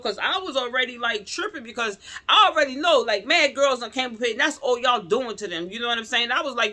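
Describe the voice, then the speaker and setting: Bright-voiced woman telling a story. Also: on the high side, fast talker, few pauses. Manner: animated, swings from loud outrage to quiet pleading; slangy, addresses viewers as y'all. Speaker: vlogger telling a personal story. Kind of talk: casual storytelling to viewers.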